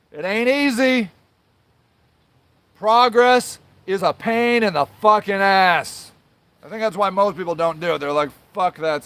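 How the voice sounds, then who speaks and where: High-voiced man on a profane rant. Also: fairly bright tone, dry recording. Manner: angry, profane, swears constantly; apologizes then rants on, trailing filler sounds. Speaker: show host. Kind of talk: livestream rant to viewers.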